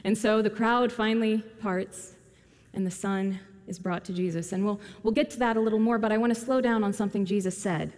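A woman's voice: medium pitch, fairly even intonation, fairly quick, darkish tone. A woman preaching a sermon, retelling a scripture story and addressing her congregation directly. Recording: long hall reverb.

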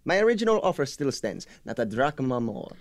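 An actor playing a shrewd, chuckling merchant who haggles over land in a radio drama. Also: male voice, medium pitch, big pitch swings, a little fast. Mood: sly. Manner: sly, chuckling, bargaining. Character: shrewd haggling male land buyer, middle-aged.

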